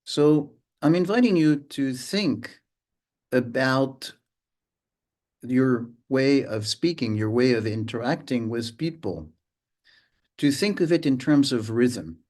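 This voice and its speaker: A man teaching a mindfulness lesson, speaking slowly with frequent pauses and sometimes humming or sounding out rhythms. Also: medium pitch, expressive, a little mellow. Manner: unhurried, pauses often, hums and vocalizes rhythms to illustrate. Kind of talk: slow, reflective lesson.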